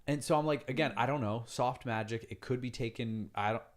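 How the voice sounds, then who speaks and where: A man's voice: medium pitch, a little fast. A man co-hosting a casual book discussion, thinking aloud in a hesitant way and trailing off. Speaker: podcast co-host.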